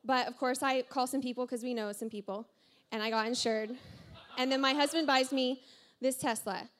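Woman preacher w/ a high voice, chatty and jokey, laughs at herself a lot, talking to her church. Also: moderate pace. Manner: animated, self-deprecating storyteller who laughs often. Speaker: pastor. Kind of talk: sermon with personal storytelling. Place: church service before a congregation.

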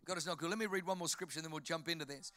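A man with an Australian accent preaching a sermon, telling jokey stories in an animated way. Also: on the high side, very fast, no echo. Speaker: pastor.

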